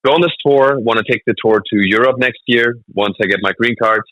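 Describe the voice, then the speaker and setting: A man chats quickly in a bright, forceful voice. He tells stories with plenty of energy and laughs often. The sound is close and dry. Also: mid-range voice, dry recording, low-quality recording. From Germany. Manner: animated storytelling, laughs often. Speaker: comedian guest. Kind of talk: casual interview chat.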